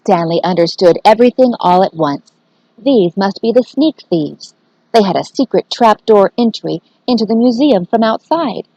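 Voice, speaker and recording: A woman teacher reading a children's book aloud, expressive and aimed at young listeners. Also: medium pitch, moderate pace, dry recording, lo-fi sound.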